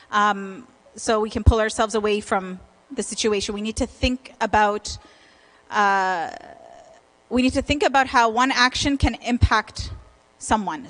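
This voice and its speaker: A woman's voice: a little high, fairly bright tone, rough recording. A woman leading an informal church parenting talk and answering questions in a conversational way.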